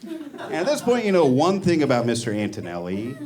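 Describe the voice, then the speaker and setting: A male stand-up comedian with a deadpan, self-deprecating delivery and a lively, swinging pitch. He works a club stage, and a full audience laughs loudly around him. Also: a little fast, crowd noise.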